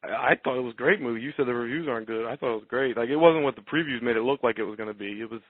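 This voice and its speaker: A man co-hosting a radio fight-talk show in casual chat, talking loosely with quick restarts. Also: mid-range voice, no room sound. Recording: tinny phone-like dry audio.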